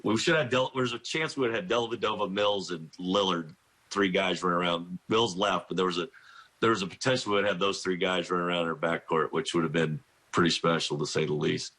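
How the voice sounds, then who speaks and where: Man, middle-aged, bright edge, husky, rambling, self-interrupting, radio interview guest. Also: low voice, a little fast. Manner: rambling, self-interrupting, laughs through anecdotes. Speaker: college basketball coach, guest. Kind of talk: phone-in radio interview, storytelling.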